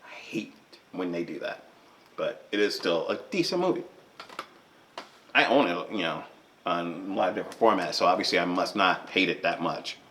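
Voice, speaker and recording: A man with a somewhat low voice chats off the cuff to his camera, showing off pieces from his movie collection. He rambles, trips over himself with fillers and restarts, and jumps up in excitement when something grabs him. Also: moderate pace, long pauses, slight background noise. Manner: rambling and animated, with frequent fillers and self-corrections. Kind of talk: unscripted casual vlog.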